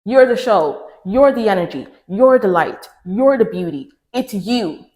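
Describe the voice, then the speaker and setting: A woman's voice: expressive, a little slow, a little mellow, roomy sound. A woman giving relationship advice to the camera in an emphatic, preachy way, repeating lines for stress. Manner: mimics others in raised pitch. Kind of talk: direct-to-camera advice talk.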